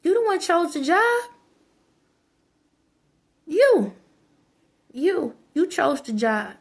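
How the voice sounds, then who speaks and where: A woman's voice: extremely high pitch, big pitch swings, extremely slow. A woman giving a preachy, scolding monologue to her viewers, repeating phrases for emphasis. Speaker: vlogger. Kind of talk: ranting monologue to camera.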